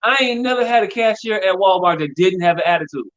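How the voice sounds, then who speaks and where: Man, middle-aged, profane rambling storyteller, slightly high voice, dull lo-fi audio. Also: animated, fast talker, a bit bright. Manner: rambling storyteller, profane, repeats "hey, look". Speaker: podcast co-host. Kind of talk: casual comedic chat. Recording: dull lo-fi sound.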